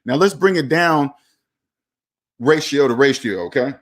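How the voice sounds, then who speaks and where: This man's medium-pitched voice moves a little slowly as he runs a live stream on personal finance. He answers viewers' comments with blunt, animated energy and acts out whoever he's quoting.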